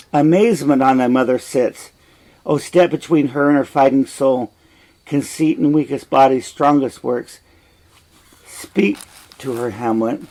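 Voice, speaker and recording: A man reading aloud the part of a murdered king's ghost, declaiming the verse solemnly and loudly. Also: medium pitch, close to an everyday voice. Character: ghost of a murdered king, commanding.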